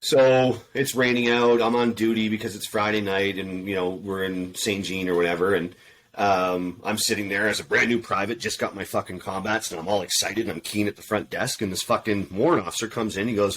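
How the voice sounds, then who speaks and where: A man's voice: lowish voice, moderate pace, a little hiss or hum. A man, a podcast panel guest, telling an army story bluntly and profanely, swearing constantly and acting out the dialogue. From Canada. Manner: animated, acts out quoted dialogue. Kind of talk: casual storytelling in a round table.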